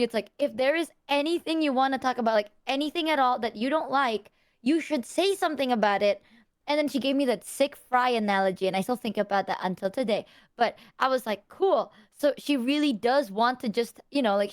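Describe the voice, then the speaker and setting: A woman chatting casually, earnest and rambling as she explains herself. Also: sits high. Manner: earnest, rambling, lots of fillers and quoting herself. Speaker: streamer. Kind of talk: casual chat.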